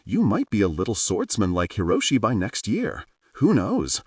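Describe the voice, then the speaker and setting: A man voicing a calm, teasing young warrior mother in an audiobook. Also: on the low side, moderate pace, dry recording, studio quality, far from the mic.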